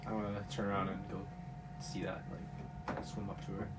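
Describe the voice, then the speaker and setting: A man's voice: on the low side, monotone, fairly quick. A man playing in a tabletop game, asking lots of hesitant questions. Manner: hesitant, asks many questions. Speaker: player. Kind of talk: tabletop role-play. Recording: heavy background noise.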